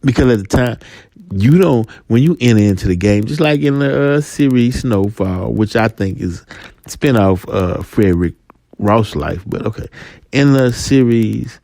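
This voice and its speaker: A man's voice: mid-range voice, unhurried, vocal fry, mellow, no echo. A man ranting in a slangy storytelling monologue, restarting phrases often as a podcast host.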